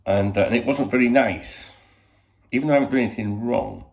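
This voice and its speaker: Speaking fairly quickly in a medium, slightly mellow voice, this man records a laid-back chat for his channel at home in Spain. He wanders from topic to topic, curses a lot and leans heavily on "you know," with noticeable reverb around him.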